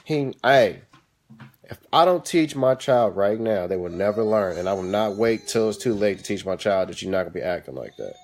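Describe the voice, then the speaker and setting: Lowish-voiced dad talking live from home. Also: male voice, normal speed. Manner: animated, stern with kids between advice. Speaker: live-stream host. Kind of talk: casual live-stream talk. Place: home kitchen. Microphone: phone or webcam.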